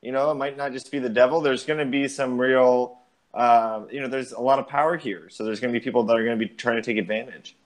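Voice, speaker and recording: A man's voice: mid-range voice, fairly even intonation, fast talker. A man co-hosting a comedy podcast, giving mock-ominous warnings. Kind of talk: comedic casual chat.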